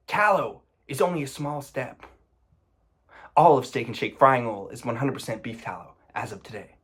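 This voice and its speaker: A man's voice: mid-range voice, expressive, moderate pace, fairly bright tone. A man giving casual commentary, sarcastic and indignant, often breaking into exasperated outbursts.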